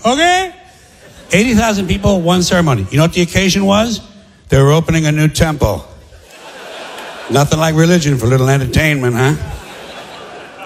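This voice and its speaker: A man's voice: fairly high pitch, breathy edge. A man doing a stand-up comedy set, with a sardonic, punchy, rhythmic delivery. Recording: live theater with long reverb.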